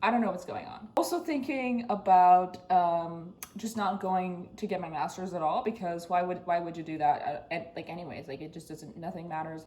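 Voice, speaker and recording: A woman's voice: fairly low pitch, normal speed, few pauses, a little mellow. A woman in her twenties talking casually to camera at her desk at home, ranting sarcastically about her frustrations, with sudden squeals. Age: 20s. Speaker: vlogger. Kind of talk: casual vlog chat.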